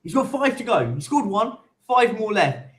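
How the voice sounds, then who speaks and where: A man's voice: sits high, sing-song, moderate pace. A man hosting a casual football fan stream, teasing and laughing with his co-host. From Italian roots. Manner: teasing, banters and laughs often. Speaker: channel host.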